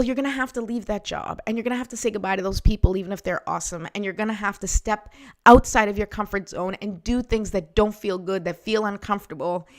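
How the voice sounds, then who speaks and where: A woman hosting a motivational talk, encouraging and personal, often checking in with the listener. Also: medium pitch. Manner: encouraging, repeats "right?" to the listener. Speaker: host.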